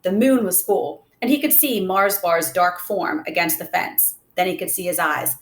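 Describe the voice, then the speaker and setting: A woman reading a novel aloud in a steady storybook narration. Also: lowish voice, normal speed. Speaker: reader. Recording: roomy echo.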